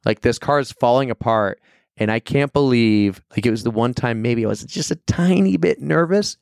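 A man telling a long, animated story as a podcast guest, acting out the people in it. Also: medium pitch, normal speed, creaky, clear, resonant tone, dry recording, studio quality. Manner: animated, rambling, acts out quoted people. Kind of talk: casual storytelling chat.

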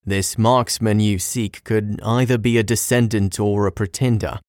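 A man's voice: fairly low pitch, fairly even intonation, normal speed, darkish tone, dry recording, clean studio sound, close to an everyday voice. A man voicing a hearty, worldly male distiller who tells old legends and gives warnings to a friend. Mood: grave.

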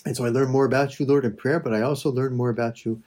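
A man leading a slow, reflective spoken prayer meditation, addressing God and his listeners with soft pauses. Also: mid-range voice, fairly even intonation.

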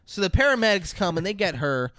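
Male podcast co-host, smooth tone, dry close mic, lively storyteller who slips into character voices. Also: sits high, quick pace, no echo. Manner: animated retelling, acting out characters in quotes. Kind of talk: casual movie recap chat.

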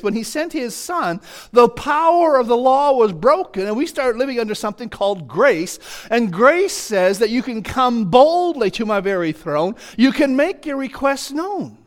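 A man preaching a sermon, emphatic and fervent, stacking up long repeated lists of clauses as he drives each point home. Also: very high voice.

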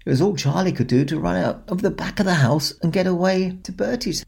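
A man telling a children's story in a gentle, expressive way, with dramatic pauses. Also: sits high, creaky, husky. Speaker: storyteller in a Santa persona.

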